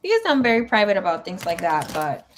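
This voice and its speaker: Woman, tarot reader, casual live-stream chat, emotional, reads comments aloud, mixes in Spanish words, mid pitch. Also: sing-song, fast, slight background noise. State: emotional, grieving.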